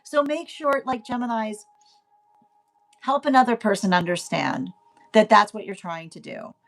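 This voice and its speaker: A young adult woman giving a casual tarot reading. She chats along, laughs often and keeps asking "right?". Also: mid-range voice. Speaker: tarot reader.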